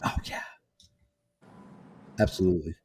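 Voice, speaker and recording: A man's voice: measured pace, a little mellow, slight background noise. A man co-hosting a casual wrestling chat podcast, laid-back and laughing often. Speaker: podcast co-host.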